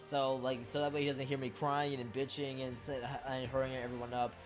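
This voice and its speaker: A man's voice: medium pitch, little pitch movement, brisk, music in the background. Rambling, emotional male fan. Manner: rambling and emotional, lots of fillers and swearing. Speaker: fan sharing memories. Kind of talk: casual monologue vlog.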